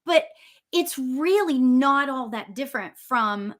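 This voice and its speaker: A woman's voice: high-pitched, lively intonation, slow. A woman hosting an interview, chatting enthusiastically and exclaiming often. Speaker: host. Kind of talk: casual interview chat.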